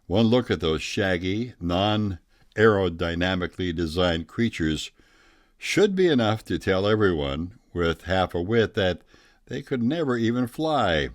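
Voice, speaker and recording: Deep-voiced man telling a tall tale. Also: lively intonation, unhurried, no room sound, clean studio sound. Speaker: storyteller.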